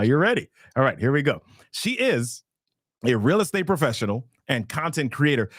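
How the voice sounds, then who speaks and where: A man hosts a live online show with a lot of hype, reading viewer names and places off the chat with excitement. His voice sits in an ordinary middle register. The sound is dry and close to the mic, with no room around it. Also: medium pitch, no echo. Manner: hyped, upbeat, reads out viewer names. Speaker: webinar host. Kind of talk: energetic live-stream hosting.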